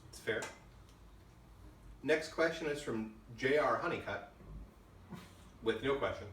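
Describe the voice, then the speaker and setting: A man's voice: mid-range voice, measured pace, fairly bright tone. A man reading backer questions aloud in a casual, dry, matter-of-fact way. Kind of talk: casual chat. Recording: echoey room from far off, faint noise.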